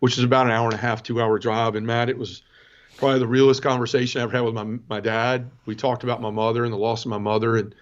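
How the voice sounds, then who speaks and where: A man in his forties appears as a podcast guest, talking fast in a medium voice with little pitch movement as he earnestly shares a personal testimony. He keeps turning to the host conversationally, and the sound is dull and lo-fi.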